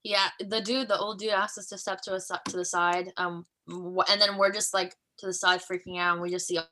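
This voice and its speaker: A woman in her twenties, co-hosting a podcast, telling a story in casual chat and acting out the quotes in high voices. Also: flat delivery, a little fast, bright, forceful tone, slight background noise, poor audio. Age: 20s. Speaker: podcast co-host.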